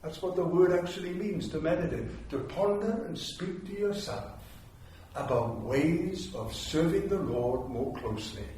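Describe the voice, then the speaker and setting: Older Welsh preacher in an echoey chapel. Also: male voice, on the high side, unhurried, dark tone, slight background noise. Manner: storytelling, repeats phrases for emphasis. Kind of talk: sermon. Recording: very echoey chapel, mic far off.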